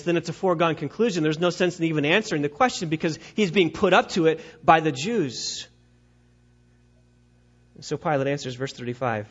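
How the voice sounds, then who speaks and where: A man preaching a sermon, emphatic and direct with his listeners, swinging from loud declarations to hushed asides, on a dull lo-fi recording. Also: fairly high pitch, husky. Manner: addresses the congregation directly, urging them to stay with him. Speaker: pastor.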